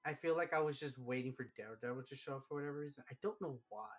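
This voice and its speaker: A man hosting a live stream, chatting casually and telling stories excitedly, with lots of fillers. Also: mid-range voice, rapid-fire, faint music behind. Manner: excitable, animated storytelling with many fillers. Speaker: streamer host. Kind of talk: casual chat.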